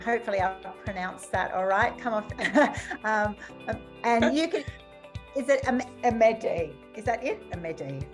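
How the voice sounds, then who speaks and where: A woman hosting an online business summit over a video call, effusive and quick to laugh. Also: on the high side, soft background music. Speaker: summit host.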